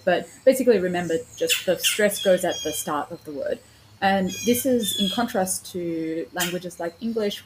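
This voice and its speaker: A woman's voice: fairly low pitch, noisy background. A woman hosting a podcast, explaining word stress and pronunciation in a casual spoken lesson, with frequent fillers and self-corrections. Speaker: podcast host teaching pronunciation.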